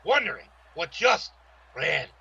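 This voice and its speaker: A man voicing a threatening veteran pro wrestler in a trash-talk promo, growling and shouting his threats. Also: a little high, big pitch swings, a little slow, vocal fry, slightly rough, highs cut off, full character voice. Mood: menacing.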